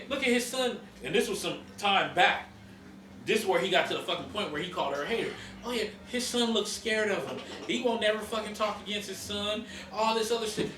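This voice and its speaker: A man's voice: sits high, reverberant, recorded from a distance, background noise. A man hosting a podcast, ranting in heated casual chat, profane and emphatic. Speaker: podcast host.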